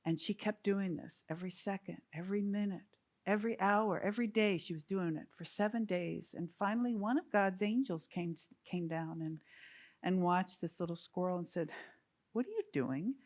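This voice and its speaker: Woman, sermon speaker, earnest storytelling, unhurried, lower voice. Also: steady tone, darkish tone. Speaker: service speaker.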